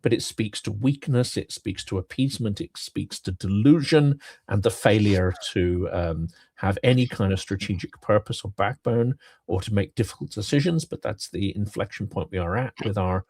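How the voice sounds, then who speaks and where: A man speaking in a political commentary, measured and emphatic, his voice worn from talking. His voice sits fairly low for a man, and the recording is dry and close, with no echo. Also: darkish tone, husky. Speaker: co-host.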